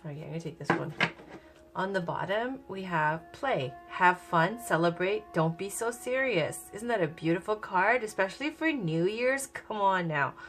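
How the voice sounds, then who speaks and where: A woman with a cold and a hoarse voice, giving a chatty, upbeat tarot reading. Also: mid-range voice, animated, normal speed, a bit bright, soft background music. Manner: chatty, upbeat, thinks aloud. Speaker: tarot reader.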